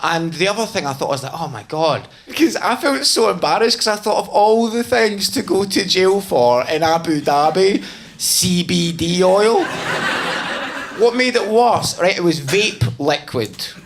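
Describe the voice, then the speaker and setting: A man telling a stand-up story on a stage mic, self-mocking and sweary. His voice sits fairly high for a man. Faint background noise runs under the live recording. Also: animated, unhurried. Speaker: stand-up comedian. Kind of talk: stand-up comedy set. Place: comedy stage before an audience.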